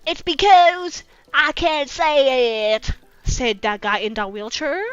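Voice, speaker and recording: Woman host, slow deliberate delivery, dry close sound, mocking and swearing through a fanfic reading. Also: high-pitched, fairly bright tone, smooth, no room sound. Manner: sarcastic, swears freely, mocking asides. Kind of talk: reading fanfiction aloud with commentary. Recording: dull lo-fi with faint music.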